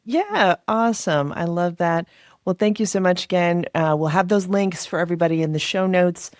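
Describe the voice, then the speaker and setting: A woman's voice: on the low side, normal speed, no echo, studio quality. A woman hosting a podcast, affirming her guest, laughing often, and saying how much she relates. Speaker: podcast host. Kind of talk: casual podcast chat.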